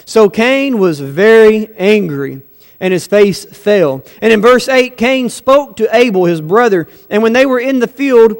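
A man with a high-pitched voice preaches a sermon in a church sanctuary, his words trailing into a long hall reverb. He keeps it conversational, tossing rhetorical questions at the congregation. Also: expressive, unhurried. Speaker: pastor.

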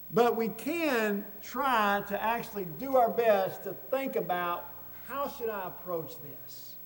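A man preaching a sermon, laying out numbered points and asking rhetorical questions, his loudness rising and falling. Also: high voice, long reverb tail, rough recording.

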